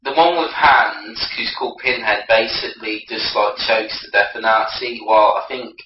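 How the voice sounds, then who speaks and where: A man's voice: lowish voice, fairly even intonation, moderate pace. A man retelling a film's plot in a rambling casual way, full of fillers. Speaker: podcast co-host. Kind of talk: casual film recap. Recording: roomy, distant, dull recording with faint hiss.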